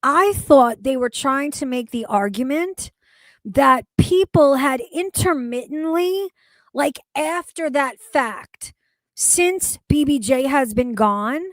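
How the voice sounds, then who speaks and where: A woman's voice: sits high, no room sound. A woman streamer giving exasperated, profane reaction commentary, swearing heavily and sounding incredulous.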